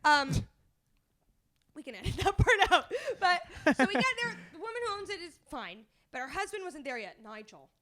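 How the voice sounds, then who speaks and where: High-voiced, chatty woman. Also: moderate pace. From Canada. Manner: chatty and animated, laughs often between phrases. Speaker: podcast guest. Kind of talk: comedic storytelling.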